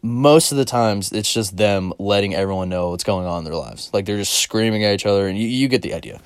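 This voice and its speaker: A man's voice: on the low side, brisk, clean tone, no room sound. A man hosting a podcast, telling a rambling, profanity-laced story in a casual, amused way. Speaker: podcast host.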